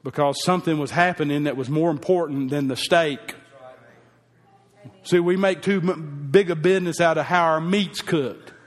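Preacher guy telling a story from the pulpit, kinda high voice, heartfelt, reverby church hall. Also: moderate pace. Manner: folksy, heartfelt storytelling, emotional at times. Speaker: pastor. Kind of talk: sermon with personal story.

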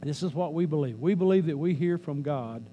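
A man's voice: fairly high pitch, animated, brisk, mellow, highs cut off, slight background noise. A man preaching a sermon in a church as pastor, talking conversationally, joking with the congregation and repeating key lines for emphasis.

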